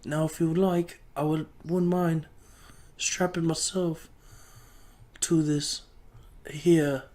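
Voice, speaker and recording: A man voicing a shrill, eager-to-please young male servant who speaks with fawning politeness. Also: flat delivery, slow pace, darkish tone. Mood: servile.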